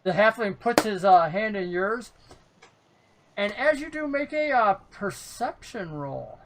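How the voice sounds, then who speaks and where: A relaxed game master describing a tabletop scene and calling for dice rolls. The delivery is easygoing and chuckling, with plenty of fillers. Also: mid-range voice, measured pace, low-quality recording.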